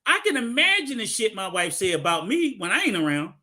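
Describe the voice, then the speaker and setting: A man co-hosting a podcast, swearing a lot and telling animated stories in casual chat. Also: sits high, brisk. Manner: profane, animated storytelling. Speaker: podcast co-host.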